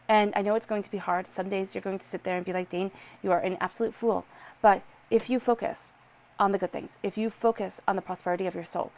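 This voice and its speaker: Brief: woman tarot reader, gravelly fry, calm and reassuring delivery. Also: mid-range voice. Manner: soothing, reassuring, drawn-out repetitions. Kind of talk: one-to-one tarot reading.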